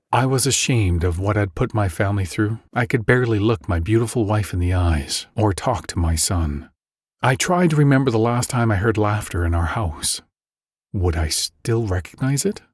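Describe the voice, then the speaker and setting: A man's voice: mid-range voice, a little mellow, breathy edge, no echo, studio quality. A man in his forties telling a dramatic first-person story in a scripted ad narration. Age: 40s.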